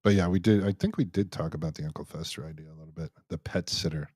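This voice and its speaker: A man's voice: very deep voice, quick pace, a little mellow, breathy edge, dry recording. A man hosting a live Q&A stream, chatting casually as he reads out viewer comments and jokes around with many restarts. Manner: rambling and joking, many restarts.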